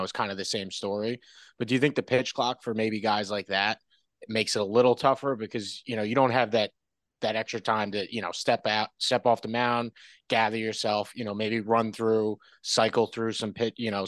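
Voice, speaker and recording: A man's voice: lowish voice, a bit bright, no room sound. Tentative man guest, dry close sound. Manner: tentative, questioning, hedging. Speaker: podcast guest. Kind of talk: casual sports chat.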